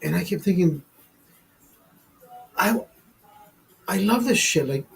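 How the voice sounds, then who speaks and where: A man's voice: high voice, lively intonation, slow, vocal fry, breathy edge, faint music behind, low-quality recording. A man hosting a live stream, telling a personal story in a rambling, profane way full of fillers and restarts. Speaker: show host telling a story. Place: studio.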